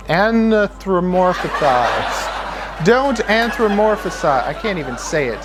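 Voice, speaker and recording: A young man giving casual pet snake care tips in a rambling, chatty way, often restarting sentences. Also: slight background noise. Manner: chatty, rambling with restarts, mimics owners in high squeaky voice. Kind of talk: casual instructional video.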